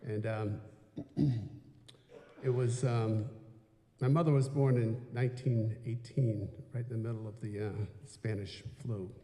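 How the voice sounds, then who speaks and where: Older American man, mellow and rambling, telling a story from a reverberant stage. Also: lowish voice, fairly even intonation, takes it slowly, pauses often. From United States. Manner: chatty, meandering, with many fillers and restarts. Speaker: folk performer telling stories between songs. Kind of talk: rambling onstage anecdote. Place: church sanctuary, live concert. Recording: roomy live sound in a hall.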